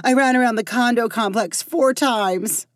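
A woman's voice: on the high side, moderate pace, no echo, studio quality, pitched above the performer's own voice, natural voice. A woman voicing a sporty young runner who is out of breath after a jog.

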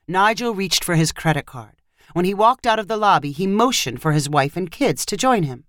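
A woman reads a short story aloud, her pitch lively and rising and falling across each sentence. The sound is dry and close, with no room around her voice. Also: a little fast, dry recording. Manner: expressive storytelling. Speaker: narrator. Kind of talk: audio fiction narration.

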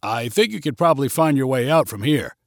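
A man's voice: mid-range voice, sing-song, brisk, dry recording, studio quality. A man voicing a confident, easygoing older man.

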